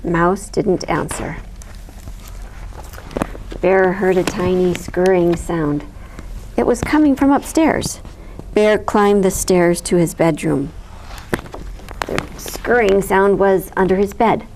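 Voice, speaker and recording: A woman reading a picture book aloud as a library storyteller, lively and expressive with soft giggles. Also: lowish voice, slow, long pauses, a little hiss or hum, rough recording.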